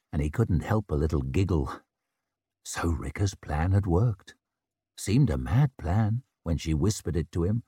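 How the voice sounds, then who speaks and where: Expressive low-voiced male narrator. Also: husky, no room sound, studio quality. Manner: expressive, dramatic storytelling. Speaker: audiobook narrator. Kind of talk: scripted narration of a fantasy novel.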